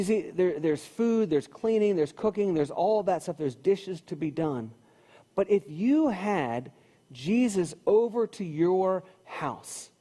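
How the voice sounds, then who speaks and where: A man's voice: on the high side, dark tone, slightly rough. A man preaching a sermon in a church, talking in a conversational way and repeating phrases for emphasis. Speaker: pastor. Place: church sanctuary. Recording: long hall reverb.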